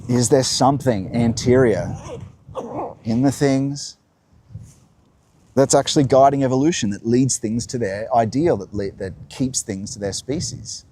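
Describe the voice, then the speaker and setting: A man's voice: medium pitch, unhurried, dark tone, slight background noise. A man hosting a live-streamed talk while walking outdoors, musing and answering his own questions. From Australia. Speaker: host. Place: outdoors by the coast.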